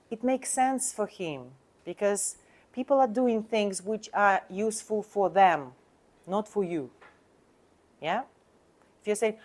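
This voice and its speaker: A woman coaching salespeople, her voice sitting at an ordinary middle pitch. She talks emphatically in non-native English phrasing. She keeps putting rhetorical questions to the listener. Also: measured pace. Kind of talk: coaching lesson on sales talk.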